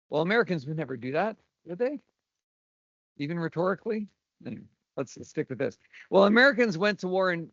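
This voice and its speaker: A man's voice: a little high, dry recording. A man giving a university lecture from his notes, with dry asides and some stumbles over his words. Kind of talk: academic lecture read from notes. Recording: dull lo-fi lecture recording.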